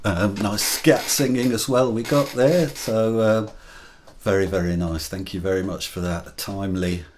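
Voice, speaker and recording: A man's voice: on the low side, fairly even intonation, unhurried, slight background noise. A man hosting an online show, introducing acts with many hesitant fillers. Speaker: host.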